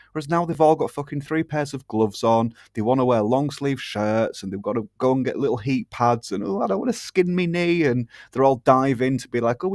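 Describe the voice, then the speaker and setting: A man's voice: medium pitch, a little mellow, dry recording. A British man with a mid-range voice rants in casual podcast banter. He is blunt and sweary and slips into mocking impressions. The sound is dry and close, with no room in it. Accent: British English. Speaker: podcast co-host.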